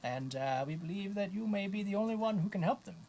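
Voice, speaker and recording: A man's voice: high voice, expressive, quick pace, darkish tone, slight background noise, voice pushed up. A man doing a fussy, polite wizard. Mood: courteous. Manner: hesitant, stammering, courteous. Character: fussy polite male spellcaster guide.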